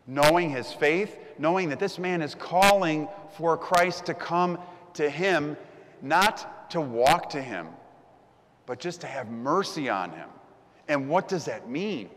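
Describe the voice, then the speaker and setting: A man's voice: fairly high pitch, animated, unhurried, fairly bright tone, in a large hall. A man preaching a sermon as the pastor, telling the story vividly and acting out the crowd's voices.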